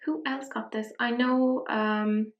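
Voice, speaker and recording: A young woman with an Irish accent rambles cheerfully through a makeup tutorial, dropping self-mocking asides as she works. Her voice sits a little high. The room around her is echoey. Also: steady tone, slow pace, highs cut off. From Ireland. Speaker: beauty vlogger. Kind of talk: casual makeup tutorial chat.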